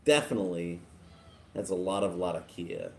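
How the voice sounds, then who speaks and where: A man from Texas hosting a casual livestream, chatting in a relaxed, chuckling, rambling way as he reads viewer comments. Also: sits low, moderate pace, vocal fry. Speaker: livestream host. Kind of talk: casual live chat reading viewer comments.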